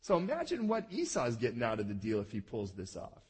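Male pastor, animated conversational sermon, husky tone. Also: medium pitch, brisk. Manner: conversational, checks in with listeners, acts out quoted lines.

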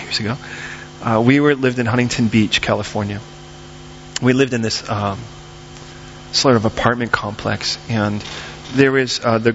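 A middle-aged man preaching a sermon as pastor, telling stories in an animated way and acting out voices. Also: medium pitch, highs cut off, slight background noise. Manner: animated storytelling, acts out voices.

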